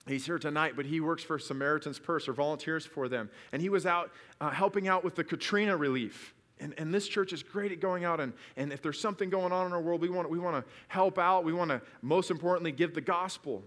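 A man's voice: on the high side, a little fast, few pauses, fairly bright tone, long reverb tail. A man preaching a sermon at a church service, telling stories and asking rhetorical questions, earnest and building to emphatic peaks. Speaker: pastor.

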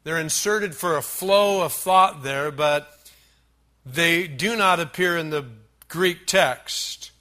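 A man preaching a sermon as a pastor, listing numbered points with emphasis, slowing on key words and dropping in dry asides. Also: a little high, pushed and bright.

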